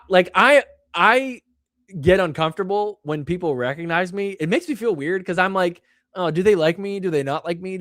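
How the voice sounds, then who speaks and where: A man's voice: a bit bright, no room sound, clean studio sound. A young man hosting a show, talking casually and rambling with many fillers, poking fun at himself. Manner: acts out quoted fans in a higher voice. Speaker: show host. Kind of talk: casual solo chat.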